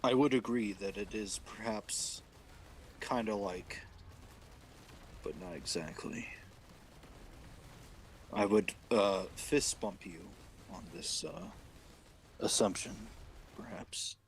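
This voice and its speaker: Low-voiced rambling young man streaming. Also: animated, slow, creaky, long pauses, a little hiss or hum, poor audio. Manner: rambling, crude, mock-serious. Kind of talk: casual stream chat.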